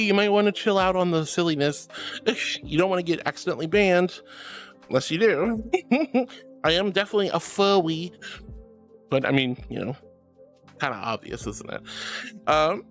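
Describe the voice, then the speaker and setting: Sweet, giggly woman streamer with lively pitch. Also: moderate pace, pauses often, faint music behind. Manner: sweet, giggly, affectionate, reads chat aloud. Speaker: VTuber streamer. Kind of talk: casual live-stream chat.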